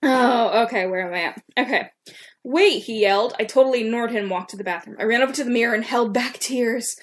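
A woman's voice: fairly high pitch, quick pace. A woman co-hosting a podcast, casually reading her old fan fiction aloud and stopping to comment on her own writing. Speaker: podcast co-host.

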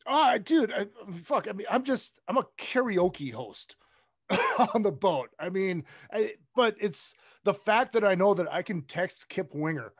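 An excitable man hosting a podcast, his voice pitched high for a man and recorded close and dry. He swears freely, laughs a lot and rattles through sponsor reads in a loose, casual way. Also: a little slow, breathy edge, no room sound. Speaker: podcast host.

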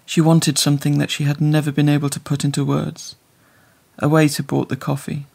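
A man reading a literary story aloud in measured, scripted narration. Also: a little high, monotone, vocal fry, darkish tone. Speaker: audiobook narrator.

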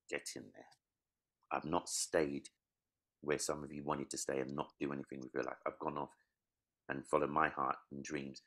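A man's voice: a bass voice, vocal fry. A man, a comedian being interviewed, telling stories casually and acting out quotes. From East London. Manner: animated storytelling, acts out quotes.

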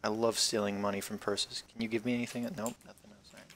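A man's voice: on the low side, flat delivery, fast, fairly bright tone, slight background noise. A man giving casual let's-play commentary while gaming, rambling and wisecracking with plenty of swearing. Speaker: gameplay commentator.

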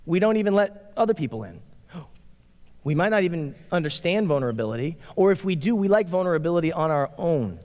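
A man in his forties, a pastor giving a casual, conversational sermon in an animated, playful way. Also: fairly high pitch, fast talker. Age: 40s. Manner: animated, playful, acts out quotes. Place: church sanctuary. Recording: long reverb of a large hall.

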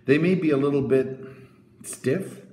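A man's voice: fairly high pitch, unhurried, dark tone, a little hiss or hum, voice pushed up, lightly acted. A man doing an eager, flustered young girl. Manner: stammering when flustered. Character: spirited young girl, awkward and eager to please. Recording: roomy echo.

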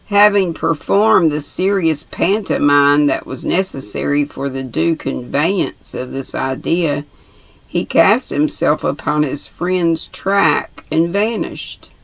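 Older lady reading a classic novel, slow, low, dry sound. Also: gravelly, no room sound, low-quality recording. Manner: calm, measured reading. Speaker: reader.

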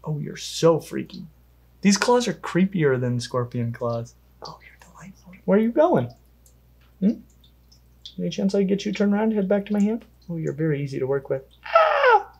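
Playful, animated pet channel host. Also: normal speed, vocal fry, slightly rough. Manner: enthusiastic and playful, with lively swings in pitch; talks fondly to the animal while handling it. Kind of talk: pet care review vlog.

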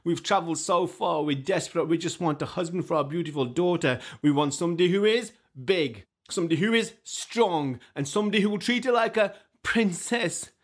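A man's voice: a little high, a little fast, few pauses, close to an everyday voice. A male storyteller voicing a pair of tired, desperate little mouse parents who plead for help. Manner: pleading, small and breathless.

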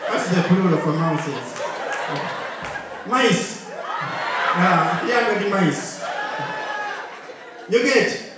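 A Ugandan man doing live stand-up comedy, telling mock-serious stories and building to loud punchlines. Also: high voice, background noise. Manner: punchy, mock-serious storytelling, switching into Luganda, rising to shouted punchlines. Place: large comedy venue with live audience. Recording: echoey live hall from far off, loud crowd.

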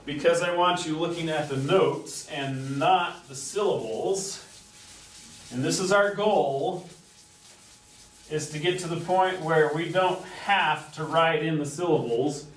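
A man's voice: a little high, a little slow. A man teaching a music class, patiently explaining and chanting rhythm syllables at a chalkboard. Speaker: music instructor. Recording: echoey classroom, distant mic, faint noise.

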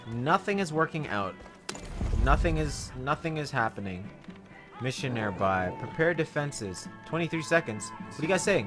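Excitable man narrating his gameplay. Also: mid-range voice, normal speed, music in the background. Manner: chatty, jokey, talks to himself and the dog, excitable outbursts. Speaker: gaming video host. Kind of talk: casual gameplay commentary.

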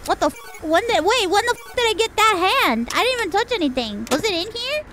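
A woman streamer giving live game commentary, squeaky and loud, swearing often. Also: big pitch swings, fairly quick, background noise.

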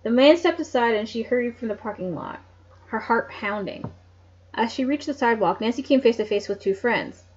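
A woman's voice: on the high side, expressive, a little fast, slightly rough. Woman reading a story aloud, lo-fi. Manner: chatty asides, laughs at the story. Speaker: narrator.

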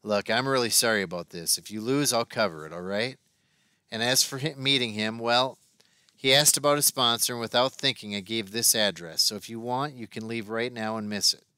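A man's voice: medium pitch, sharp tone, smooth, dry recording, clean studio sound, natural voice. A man doing a careful, apologetic stockbroker. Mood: explaining. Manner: measured, apologetic explaining.

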